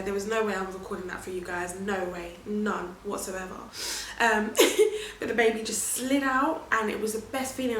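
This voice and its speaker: A woman vlogging her birth story in a chatty, animated way, often laughing. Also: medium pitch, a little hiss or hum. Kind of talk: casual storytelling to camera. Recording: roomy echo.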